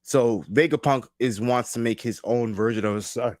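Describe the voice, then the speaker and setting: A man hosting a live manga reaction, casually thinking aloud, restarting his sentences and reading panels out loud. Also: mid-range voice, normal speed, no room sound, studio quality. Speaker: reaction video host.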